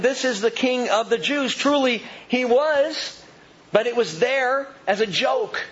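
A man preaching a sermon as pastor, swinging from loud, high emphasis to hushed, slow reflection. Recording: dull, muffled low-fi sound with faint background hum.

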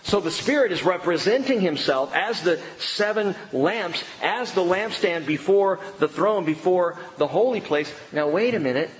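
A middle-aged man preaching a sermon, swinging between loud bursts and hushed lines. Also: high voice, animated, moderate pace, hardly any pauses. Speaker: pastor. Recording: reverberant hall with faint room noise.

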